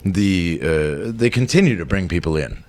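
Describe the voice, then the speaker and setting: Animated comedian telling a story. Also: male voice, sits low, normal speed. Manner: animated, laughs through his own story. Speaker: guest comedian.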